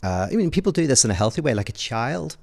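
A man with a Northern Irish accent talking through ideas on a podcast in a lively storytelling way, often laughing. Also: medium pitch, fast, gravelly. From Northern Ireland. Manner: animated storyteller, laughs as he talks. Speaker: podcast guest. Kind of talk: conversational podcast talk, telling a joke.

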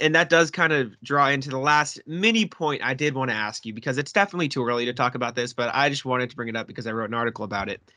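Bright-voiced man eagerly talking basketball. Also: mid-range voice, no echo. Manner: eager, stammering restarts. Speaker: basketball podcast co-host. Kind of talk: casual sports discussion.

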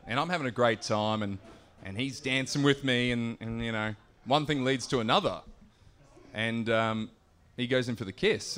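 A young Australian man telling a sweary, animated story on stage, laughing as he goes. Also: medium pitch. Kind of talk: live stand-up storytelling.

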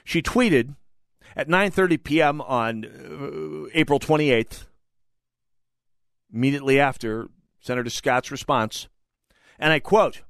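A man's voice: mid-range voice, a little slow, vocal fry, pauses often, a bit bright, no echo. A man hosting a talk radio show, giving opinionated commentary with emphatic, sarcastic delivery and indignant outbursts into a studio mic.

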